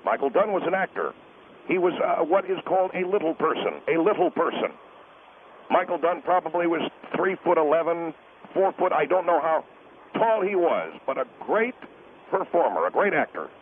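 A man's voice: fairly high pitch, very animated, normal speed, a little hiss or hum. Man doing a pompous taxpayer crusader on a tinny phone line. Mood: lecturing. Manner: pompous, insistent, lecturing, refuses interruption. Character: pompous middle-aged male taxpayer advocate. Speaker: caller guest.

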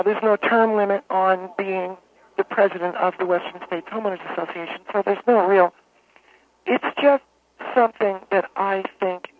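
A man's voice: high-pitched, pitched above the performer's own voice. A man putting on a droning, pompous homeowners president. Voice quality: monotone droning. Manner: halting, full of uh and restarts. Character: pompous self-important male homeowners association president. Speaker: caller. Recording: tinny phone line.

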